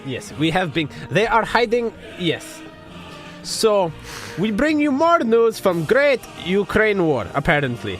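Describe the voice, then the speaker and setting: A man putting on a fake Russian accent as a bumbling, proud Soviet newsreader, speaking loud and cheerful in broken English. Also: high-pitched, sing-song, unhurried, faint music behind. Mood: proud deadpan. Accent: put-on Russian.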